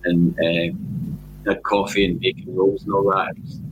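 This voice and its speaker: A Scottish man on a football podcast, telling animated anecdotes in casual chat. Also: deep voice, unhurried, slight background noise, rough recording. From Scotland.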